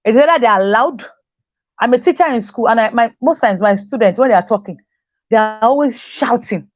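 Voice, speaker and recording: A fairly high-voiced woman teacher gives a motivational talk, pressing her points home by saying them twice. The recording is dry and dull, with a muffled lo-fi sound. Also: brisk, no echo. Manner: repeats key phrases for emphasis, acts out quoted voices.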